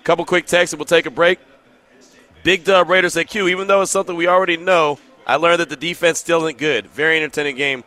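A man's voice: on the high side, steady tone, fast, bright, forceful tone. A man hosting a sports talk show, giving earnest commentary and reading out listener texts. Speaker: sports radio host.

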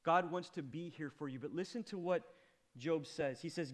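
Male pastor, sermon, high voice, dramatic and emphatic, speaks straight to the congregation. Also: moderate pace.

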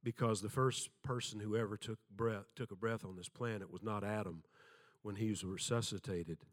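A man's voice: lowish voice, fairly even intonation, normal speed. An older man preaching a sermon, telling folksy stories with self-deprecating humor and acting out the voices in them.

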